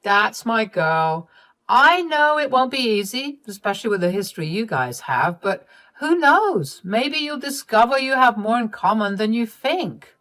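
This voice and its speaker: Name: Francis. Figure: woman voicing a gentle encouraging husband. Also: on the high side, very animated, measured pace, pitched above the performer's own voice. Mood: reassuring.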